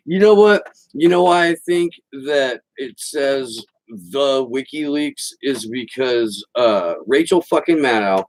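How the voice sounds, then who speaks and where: A man's voice: medium pitch, expressive, takes it slowly, a little mellow, low-quality recording. Sarcastic man doing political commentary. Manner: sarcastic, mocking, reads quotes aloud. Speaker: podcast host.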